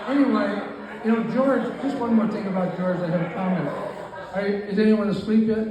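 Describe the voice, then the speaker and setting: A man's voice: high voice, moderate pace, crowd noise. A man in his nineties giving a rambling, joking speech at his own birthday party, teasing the guests. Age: 90s. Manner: joking, rambling, self-deprecating. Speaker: birthday speaker. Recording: far-off mic in an echoey room with faint ambient noise.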